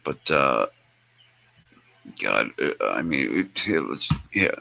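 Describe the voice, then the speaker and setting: A man's voice: rumbling low, big pitch swings, slow, creaky, very noisy. A man hosting a show, chatting casually in a rambling, profane way. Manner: rambling and profane, with many fillers. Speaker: show host. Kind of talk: casual chat.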